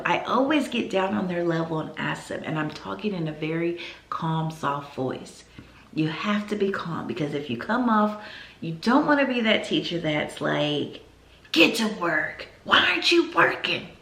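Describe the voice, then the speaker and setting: A woman's voice: medium pitch, echoey room. Chatty woman teacher giving advice. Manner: chatty, animated, acts out classroom phrases. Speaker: first-grade teacher. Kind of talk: casual teaching advice talk.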